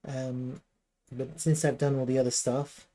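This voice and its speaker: A man's voice: medium pitch, level tone, a little slow, warm tone. A man giving a casual live chart analysis, thinking aloud with fillers and restarts.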